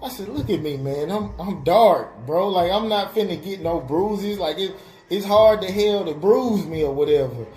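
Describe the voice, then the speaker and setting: A man's voice: sits high, normal speed, darkish tone. A young man casually telling a story on a web radio show, full of fillers and acted-out quotes. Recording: roomy with faint music behind.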